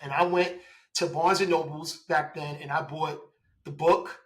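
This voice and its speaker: A man in his forties, a police officer telling his story in a casual interview, lively, laughing and acting out quoted dialogue. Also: a little high, measured pace, poor audio.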